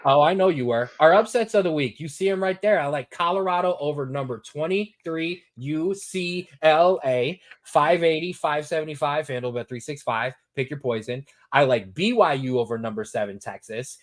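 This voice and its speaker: A man hosting a sports talk show, giving his betting picks in a lively, repetitive, hyped-up way. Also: on the high side, moderate pace, few pauses. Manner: animated, repetitive, hypes picks.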